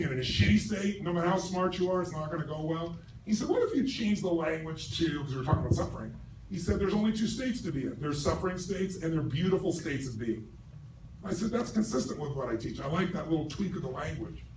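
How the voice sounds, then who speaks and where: A middle-aged man giving a live seminar speech to a large audience, forceful and profane, asking the crowd questions. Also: sits high. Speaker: motivational speaker. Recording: roomy stage recording from far off, noisy.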